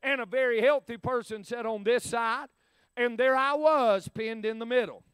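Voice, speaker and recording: A folksy preacher tells a story from the pulpit, his voice very high and smooth. He swings between loud bursts and hushed asides. The sound is dry and close, with no room echo. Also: normal speed. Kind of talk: storytelling sermon.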